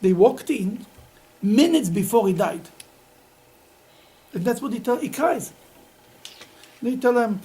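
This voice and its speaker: Animated rabbi teaching a Talmud class. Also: male voice, very high-pitched, a little slow, long pauses, low-quality recording. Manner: animated storytelling, laughs often, repeats words.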